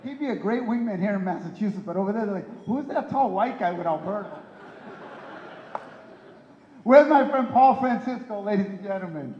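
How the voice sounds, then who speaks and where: A man's voice: high-pitched, animated, normal speed, darkish tone, reverberant, big-room sound, muffled recording, slight background noise. A man hosting a breakfast event as emcee, introducing the head table with playful teasing jokes. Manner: playful, teasing, punchline timing. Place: hotel ballroom event.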